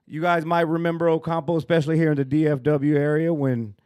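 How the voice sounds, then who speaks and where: A man's voice: fairly high pitch, level tone, quick pace, a little mellow, smooth, no room sound. A man in his thirties co-hosting a boxing podcast outdoors, easygoing and joking, often laughing. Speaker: podcast co-host. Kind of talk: casual chat. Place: rooftop outdoors in downtown Dallas.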